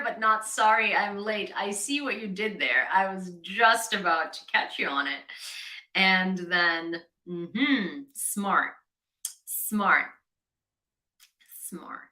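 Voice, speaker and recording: A woman from Ukraine hosts a casual livestream and tells an everyday story in a loose, chatty way. Her voice is bright and clear, and it sits at a middle pitch. The room around her sounds echoey. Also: takes it slowly. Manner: chatty storytelling, reads out chat comments. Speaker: livestream host.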